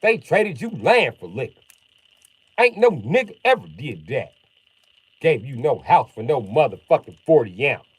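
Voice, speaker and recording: A man's voice: mid-range voice, very animated, unhurried, slightly rough, dry recording. A man ranting casually and profanely on a livestream, reacting to his chat. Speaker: live streamer.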